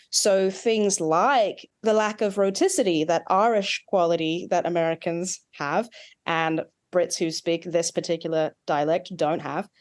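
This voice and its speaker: A woman with an Australian accent, a dialect coach, explaining at length with asides and examples in an interview. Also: lowish voice. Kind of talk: expert interview.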